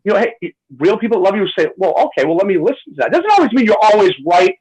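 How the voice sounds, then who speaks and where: A man's voice: high-pitched, rapid-fire, husky, low-quality recording. A man hosting a talk radio show, talking with passion and acting out the people he quotes. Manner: animated, acts out quoted voices. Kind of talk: impassioned talk radio monologue.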